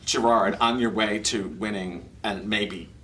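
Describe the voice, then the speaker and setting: A man's voice: on the low side, steady tone, unhurried, sharp tone, slight background noise. A male interviewer in casual chat who gushes with effusive praise. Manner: gushing, effusive.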